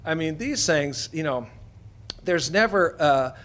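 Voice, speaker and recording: A man's voice: on the high side, expressive, takes it slowly, fairly bright tone. A middle-aged man from Idaho, a veterinarian telling folksy anecdotes to an audience and acting out the voices of people in his stories. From Idaho, USA. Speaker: veterinarian speaker. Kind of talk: storytelling talk to an audience.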